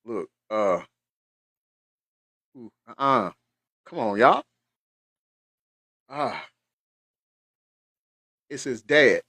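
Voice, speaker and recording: A man's voice: mid-range voice, animated, drawn-out words, long pauses, sharp tone, no echo. A middle-aged man, hosting a casual livestream, earnest and emotional, repeating phrases for emphasis and choking up at times. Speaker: livestream host.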